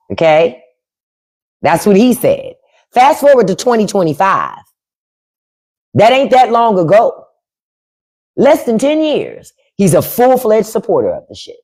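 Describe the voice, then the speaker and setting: A woman's voice: low-pitched, darkish tone. Blunt woman ranting on a live stream. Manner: blunt and profane, talking back to chat. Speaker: podcast host on a livestream. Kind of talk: unfiltered political livestream rant. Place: at home.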